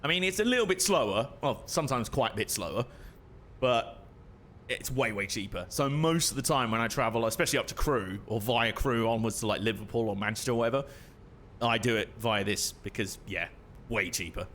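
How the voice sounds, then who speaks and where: A man's voice: mid-range voice, animated, brisk, fairly bright tone, a little hiss or hum. A young man casually commentating his own gameplay on a stream, chatty and self-mocking, laughing often.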